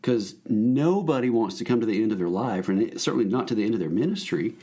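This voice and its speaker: A man, a minister telling his story as a podcast guest in a lively, joking, folksy way. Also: lowish voice, quick pace. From Alabama, US. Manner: animated, jokey, folksy. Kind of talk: casual storytelling conversation.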